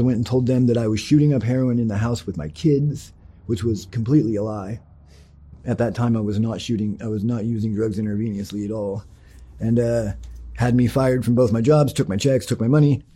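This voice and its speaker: A man's voice: mid-range voice, dark tone, breathy edge. A man candidly recounting his divorce and recovery, swearing often and rambling through fillers and restarts. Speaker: person telling his life story. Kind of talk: candid personal storytelling.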